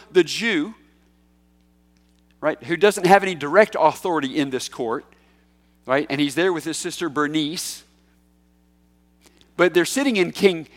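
A man preaching a sermon in a conversational, emphatic way, with big swings in pitch and loudness. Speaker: pastor. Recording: echoey hall.

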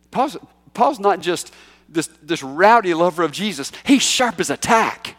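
A man preaching a sermon in a conversational, emphatic way, with big swings in pitch and loudness. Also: expressive, moderate pace. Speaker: pastor. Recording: echoey hall.

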